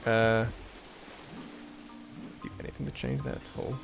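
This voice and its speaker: A man's voice: lowish voice, very animated, unhurried, creaky, over music. A man doing casual gameplay commentary on a puzzle game, muttering to himself as he works things out, with self-deprecating asides and sudden frustrated outbursts.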